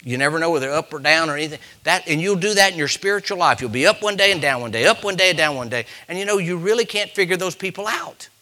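A man delivers a sermon in a bright, forceful voice that sits a little high for a man. He tells stories and tosses quick questions to the congregation. Now and then he builds to loud, emphatic peaks. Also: animated. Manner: rising to loud emphatic peaks, call-and-response; storytelling with quick asides to the congregation. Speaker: preacher.

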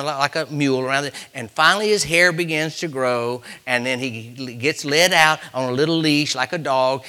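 A man preaching a sermon, telling stories to the congregation with quick asides and rising to loud, emphatic peaks. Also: medium pitch.

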